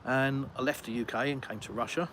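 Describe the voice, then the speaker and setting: A man's voice: mid-range voice, fairly even intonation, a little fast. A middle-aged English man with an English accent, chatting casually on a livestream and reading out viewer messages. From England. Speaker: live streamer. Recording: loud street and traffic noise.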